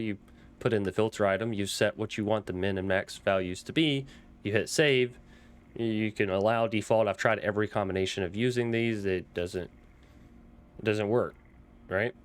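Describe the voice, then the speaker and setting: A young man with a Southern accent, rambling through casual gameplay commentary with frequent ums and restarts. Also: on the low side. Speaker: Minecraft modpack let's player.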